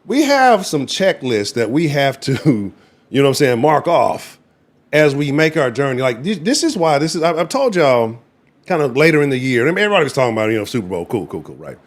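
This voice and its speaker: A man hosting a casual live sports stream, rambling in an animated, slangy and profane way. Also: mid-range voice, a little fast. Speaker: sports show host.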